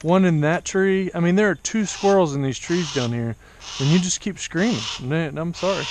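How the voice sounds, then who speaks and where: A man with a slightly raised voice talks quietly and patiently outdoors while training a hawk. He narrates casually to the camera, coaxing the bird between remarks. Faint noise sits underneath. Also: a little high, normal speed. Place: outdoors among trees.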